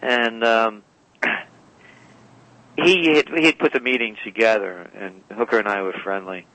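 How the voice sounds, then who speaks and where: A man's voice: on the low side, steady tone, a little slow, pushed and bright, no room sound, poor audio. A man as a radio guest, telling long rambling anecdotes and often correcting himself. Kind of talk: storytelling interview talk. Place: radio call-in or studio.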